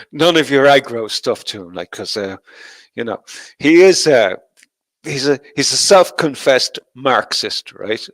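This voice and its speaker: A man's voice: mid-range voice, fairly bright tone, no room sound. A middle-aged man hosting a casual livestream, talking to his chat, swearing a lot and laughing often. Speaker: livestream host.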